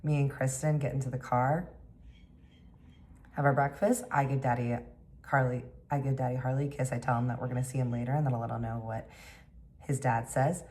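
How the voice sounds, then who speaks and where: Woman vlogger, very deep voice, chatty storyteller quoting everyone. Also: steady tone, a little fast, a little mellow. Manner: chatty, acts out dialogue with lots of "like". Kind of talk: casual storytelling.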